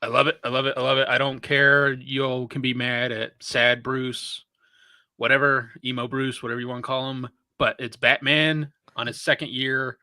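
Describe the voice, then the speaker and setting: An enthusiastic man reviews a film on a casual podcast, scattering "like" through his speech. His voice is bright and forward, sitting in a middle pitch, and he is recorded close and dry. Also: flat delivery, normal speed, no room sound. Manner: enthusiastic, uses "like" a lot.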